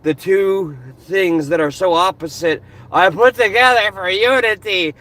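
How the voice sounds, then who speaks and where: Brief: male vlogger, high and bright, passionate car rant recorded on a phone. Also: unhurried. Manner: passionate, animated. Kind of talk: casual ranting commentary. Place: in his car. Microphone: phone camera.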